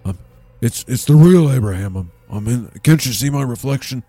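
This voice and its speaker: A man playing a bumbling, self-important townsman under hypnosis, who talks in a rambling, excitable, panicky way. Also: medium pitch, moderate pace, no echo, close to an everyday voice.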